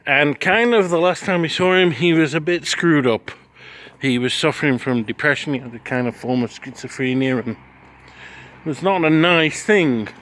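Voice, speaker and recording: A man's voice: on the high side, normal speed, fairly bright tone. A man in his forties giving a frank, rambling spoken recap of his travel day, full of restarts and swearing. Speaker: travel vlogger. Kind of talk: casual spoken recap to camera.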